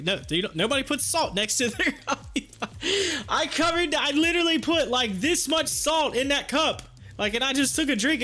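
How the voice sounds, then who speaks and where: A man's voice: very high-pitched, bright, forceful tone. A man hosting a livestream, rambling through a funny personal story and laughing often. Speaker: livestream host. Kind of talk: casual storytelling.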